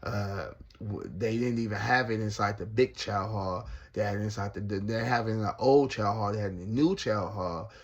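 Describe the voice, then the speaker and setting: A man telling a casual story about his time in prison, slangy and animated, laughing often. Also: fairly low pitch, moderate pace, hardly any pauses.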